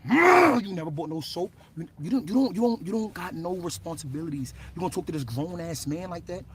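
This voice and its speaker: Excited young man livestreaming in a roomy space. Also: on the high side, fast talker, a loud crowd. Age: 20s. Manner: excited, profane storytelling. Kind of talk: casual livestream banter. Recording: roomy echo.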